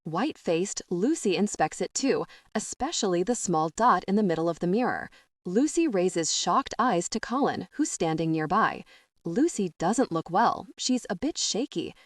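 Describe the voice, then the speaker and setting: A woman narrating an audiobook in a steady, expressive storytelling manner into a close mic. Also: on the low side, normal speed, dry recording. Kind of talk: scripted narration.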